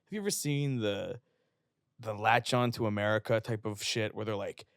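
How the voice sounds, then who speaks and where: A young man from West Virginia trades stories in a studio with a dry, close sound. He is blunt and profane, talks at an ordinary pitch, and jumps to loud, high mock voices whenever he quotes someone. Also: brisk, dry recording. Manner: profane, animated storyteller who acts out quotes. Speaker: guest, fitness influencer. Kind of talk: casual storytelling. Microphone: podcast studio microphone.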